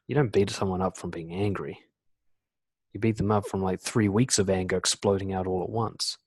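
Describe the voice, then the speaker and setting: A man's voice: on the low side, slightly rough, no echo. Casual man coaching on a webinar, dry sound. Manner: casual, fillers like "you know" and "like"; acts out quoted lines in lively voices. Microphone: computer mic on a video call.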